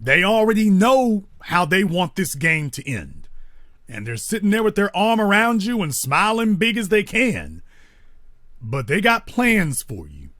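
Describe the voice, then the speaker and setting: A man's voice: high-pitched, big pitch swings, measured pace, a bit bright, no room sound, studio quality. A man hosting a call-in talk show, lecturing a caller in an emphatic, pointed way. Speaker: host.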